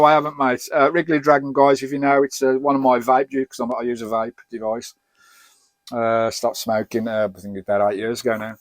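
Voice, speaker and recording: A man's voice: mid-range voice, dry recording. A middle-aged man from Birmingham with an English accent, answering viewer questions in a chatty, rambling and jokey way. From Birmingham, England. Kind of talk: casual chat.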